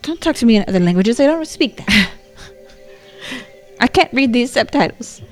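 A woman's voice: fairly high pitch, animated, a little slow, soft background music. A woman from Texas with a Texan accent, chatting casually and telling stories while watching a show. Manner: chatty, storytelling, laughs often. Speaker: co-host reacting to a show. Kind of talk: casual chat.

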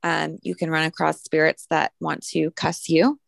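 A woman's voice: sits low, little pitch movement, normal speed, gravelly, no echo. A woman co-hosting a spiritual podcast, explaining an exercise in a rambling, casual way with many fillers. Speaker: podcast co-host.

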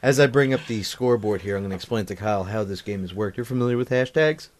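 A podcast host with a low-leaning voice talks fast, chatting loosely and crudely with his co-hosts on a comedy show. He's profane and keeps laughing.

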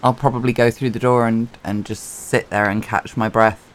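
A man's voice: mid-range voice, steady tone, moderate pace, a little hiss or hum. A man taking part in a tabletop role-playing game, talking through his character's moves with dry, wry humour. His voice sits in an ordinary middle range. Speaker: player.

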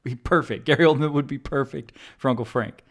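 A man's voice: mid-range voice, fairly quick. A man co-hosting a podcast in casual chat, joking, laughing often and swearing freely. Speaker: podcast co-host.

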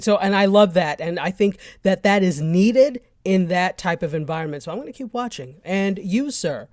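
A woman co-hosting a TV review podcast in casual chat, playful and teasing, quick to giggle. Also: on the low side, expressive, a little mellow, no echo, clean studio sound.

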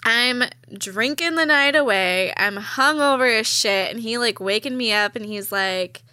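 A young woman in casual conversation, an animated storyteller who swears freely and laughs often. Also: a little high, measured pace, no room sound, studio quality.

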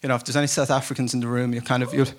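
A man's voice: mid-range voice, little pitch movement, racing. A man preaching to a church congregation in a casual, storytelling way, often joking at his own expense. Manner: casual storytelling, self-deprecating humor, laughs often. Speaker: pastor. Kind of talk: conversational sermon. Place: church service before a congregation.

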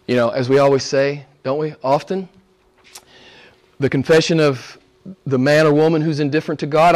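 A middle-aged man, a pastor preaching a sermon, swinging from loud emphatic lines to soft low asides. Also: moderate pace.

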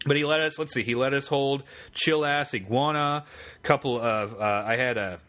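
A man co-hosting a podcast, telling a rambling story in casual chat with a bright, forceful voice. He swears freely and jumps between asides, at an ordinary pitch for a man. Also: normal speed. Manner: rambling, profane, animated storyteller. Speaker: podcast co-host.

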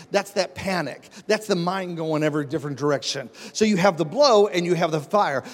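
A man preaching a sermon as pastor, talking conversationally, calling on the congregation and building repeated phrases with rising emphasis. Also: sits high. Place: church sanctuary. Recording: long reverb of a large hall.

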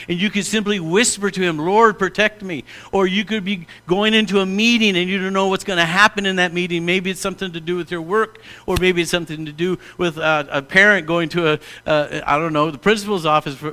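Animated, bright-voiced male pastor preaching. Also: high voice. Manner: animated, mock-pompous asides. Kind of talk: sermon.

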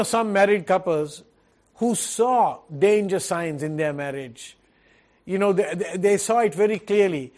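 Earnest and unhurried, a male pastor delivers a sermon in a fairly high voice with a darkish tone. He keeps a measured pace and returns to his points through repeated phrases and rhetorical questions.

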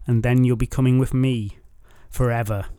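A man's voice: mid-range voice, fairly even intonation, moderate pace, mellow, clean tone, dry recording, clean studio sound, natural voice. A man doing a smug, gloating villainous suitor. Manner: gloating, oily and smirking.

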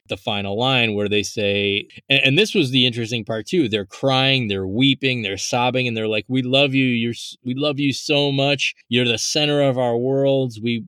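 A man's voice: medium pitch, clean tone, dry recording. A man co-hosting a podcast, telling a film's plot in casual chat and acting out the lines he quotes. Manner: animated storytelling, acts out quoted lines. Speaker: podcast co-host. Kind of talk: casual film discussion.

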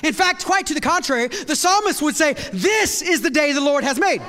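High-voiced energetic male pastor, echoey hall. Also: brisk, slight background noise. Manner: energetic, repeats words and restarts, bursts into shouts. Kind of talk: sermon. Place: church hall with long reverb.

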